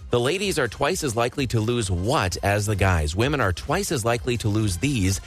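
A man's voice: mid-range voice, expressive, fairly quick, soft background music. A man hosting a radio morning show, running trivia and reading an upbeat sponsor spot. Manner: upbeat, reads ads and phone number.

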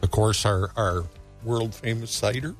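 A man's voice: lowish voice, unhurried, soft background music. A man, an orchard owner talking casually as a guest on a radio show.

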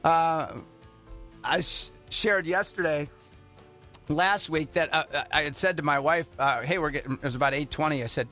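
A man hosting a morning radio talk segment, chatting in a lively way. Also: fairly high pitch, normal speed, soft background music. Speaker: radio host.

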